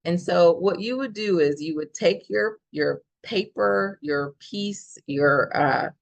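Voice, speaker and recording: A woman's voice: on the low side, expressive, slow pace, rough recording. A woman professor presenting a writing workshop, explaining steadily and checking in with the audience with frequent "okay?". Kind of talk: instructional workshop talk.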